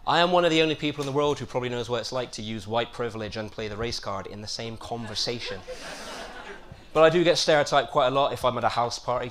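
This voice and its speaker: A man with a Bristol accent doing a stand-up comedy set, with a deadpan, self-mocking delivery and quick asides. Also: medium pitch, noisy background. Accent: Bristol English. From Bristol, England. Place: comedy club stage.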